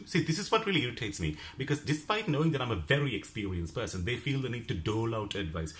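A man from Sri Lanka telling a story in a casual vlog, exasperated and animated. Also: sits low, brisk. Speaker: vlogger.

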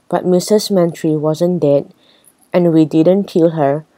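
A woman's voice: sits low, takes it slowly, mellow, dry recording, poor audio. A woman reading a children's book aloud, storytelling with light character voices. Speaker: reader.

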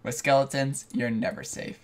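A man's voice: mid-range voice, little pitch movement, normal speed. A man hosting a co-op gameplay video, chatting casually and laughing often. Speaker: let's play host.

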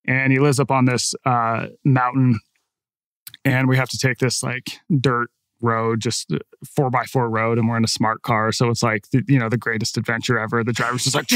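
A man in a casual, animated conversation, guest on a podcast, spinning an anecdote with frequent "like" and "right?" tags. His voice sits at an ordinary middle pitch and is recorded close and dry, with no room sound. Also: moderate pace, no room sound. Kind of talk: conversational storytelling.

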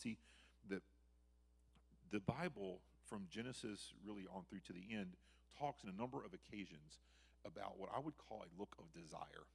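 A man preaching a sermon as a missionary, in a conversational way that swings between loud emphasis and quiet reflection, often restarting his sentences. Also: low-pitched, moderate pace, gravelly, slightly rough.

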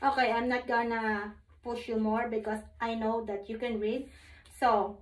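Filipino-accented mom, high voice, slow unhurried delivery, gentle coaxing bedtime reader, roomy home recording. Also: female voice. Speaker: parent reading a bedtime story. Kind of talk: bedtime story reading vlog.

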